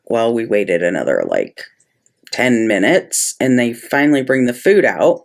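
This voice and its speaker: A woman's voice: extremely low pitch, big pitch swings, measured pace, gravelly. A middle-aged woman casually telling a story while she plans, chatty and exasperated. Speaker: planner vlogger.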